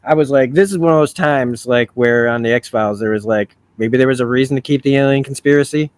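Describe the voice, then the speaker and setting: A man's voice: medium pitch, fairly quick, smooth. A man hosting a casual review, thinking aloud with many restarts and frequent swearing. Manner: rambling, profane, with self-correcting restarts. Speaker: video essay host.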